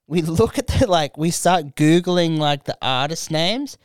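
A man's voice: fairly high pitch, moderate pace, few pauses, smooth, no room sound. An Australian man hosting a podcast, telling a long, rambling story in casual chat, swearing freely and acting out everyone's voices. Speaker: podcast host.

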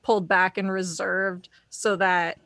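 A woman's voice: mid-range voice, little pitch movement, unhurried, a bit bright, dry recording. A woman co-hosting a podcast, thinking aloud in casual chat. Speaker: podcast co-host.

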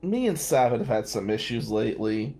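A man's voice: medium pitch, fairly quick. A man from New Jersey spins a casual story as a podcast host. He talks wryly and drops in the odd curse, with an everyday mid-range voice. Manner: wry, profane, animated anecdotes. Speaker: podcast host and defense lawyer.

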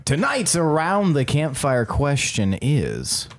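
A man's voice: fairly high pitch, huge pitch swings, slow. A man running a tabletop game podcast as game master, teasing the players and laughing often. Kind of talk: casual podcast banter.

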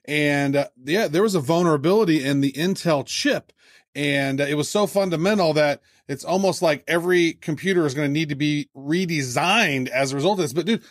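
A man's voice: on the high side, no room sound, studio quality. A man co-hosting a casual podcast, talking enthusiastically with lots of fillers. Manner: enthusiastic, fast, many fillers. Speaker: podcast co-host.

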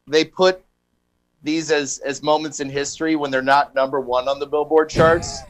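A man with a voice on the high side hosts a casual comedy radio show over a video call, speaking at normal speed with flat delivery. Jokey throughout, he reads history items and adds asides.

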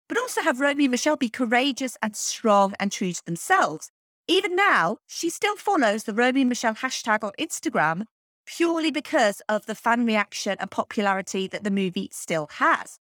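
A woman's voice: a little high, a bit bright, no room sound, studio quality. Chatty woman podcast host. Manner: chatty, opinionated asides. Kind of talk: scripted podcast narration.

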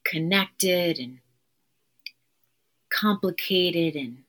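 Earnest woman therapist, low voice. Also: very slow, fairly bright tone. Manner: earnest, emphatic, repeats key phrases. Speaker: therapist and podcast guest. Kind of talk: conversational interview.

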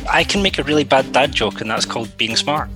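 A man's voice: mid-range voice, lively intonation, a little fast, over loud music. A man hosting a podcast in casual chat over a video call, joking and self-deprecating. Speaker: podcast host.

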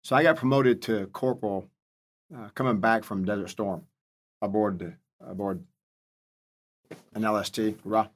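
A man's voice: on the low side, moderate pace, long pauses. A man in his fifties, a senior Marine leader interviewed as a guest, telling stories bluntly with salty words. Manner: animated storyteller, blunt and salty. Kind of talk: storytelling interview.

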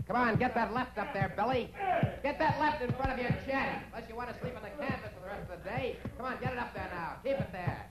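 A man's voice: very high voice, fast talker, low-quality recording. An actor playing a tough male boxing trainer who barks orders, in 1940s radio acting. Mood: gruff. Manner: barking orders, gruff. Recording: old radio recording with crowd noise.

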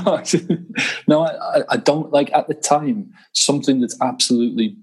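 A man chatting on a football podcast, self-deprecating and sweary with quick asides. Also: mid-range voice, darkish tone, husky, poor audio. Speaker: podcast co-host. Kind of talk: casual chat.

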